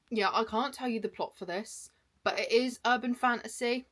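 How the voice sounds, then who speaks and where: A woman's voice: fairly high pitch, fairly bright tone. Chatty young woman reviewing books. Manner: chatty and enthusiastic, with quick asides. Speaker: book content creator. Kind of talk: casual book wrap-up chat.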